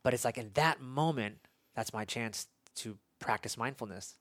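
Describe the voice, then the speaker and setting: A man hosting an interview, talking reflectively in a halting, casual way with frequent restarts. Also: mid-range voice, fairly bright tone, dry recording. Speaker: podcast host. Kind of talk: conversational interview.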